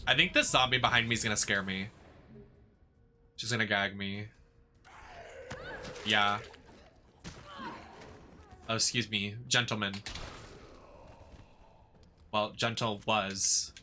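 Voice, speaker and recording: A man's voice: fairly low pitch, steady tone, slow, long pauses, sharp tone, slight background noise. A man who streams games and performs in drag, giving chatty, campy commentary that rambles with lots of fillers. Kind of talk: casual gameplay commentary.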